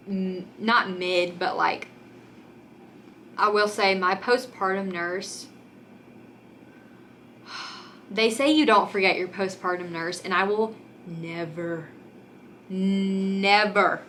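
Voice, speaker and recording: A young female vlogger with a mid-range, sharp-toned voice chats candidly to the camera amid slight background noise. She says "like" and "um" constantly and sometimes sounds close to crying.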